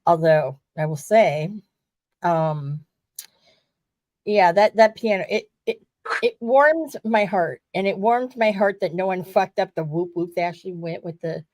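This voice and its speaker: A woman hosting a casual podcast, excitedly retelling a story and swearing freely. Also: fairly low pitch, a little slow, no echo. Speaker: podcast host.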